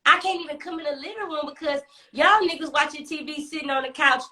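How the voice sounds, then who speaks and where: A young woman rants through a story into her phone on a live stream, sassy and foul-mouthed. Her voice is high and bright, and she drives home her points by repeating them. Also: fast talker. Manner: animated, sassy, heavy cursing, emphatic repetition. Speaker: storyteller host.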